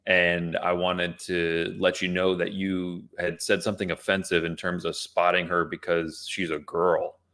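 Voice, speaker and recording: Deep-voiced man telling a story casually. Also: level tone, unhurried, few pauses, a bit bright. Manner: loose storytelling with many restarts and fillers. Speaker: podcast co-host. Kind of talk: casual chat.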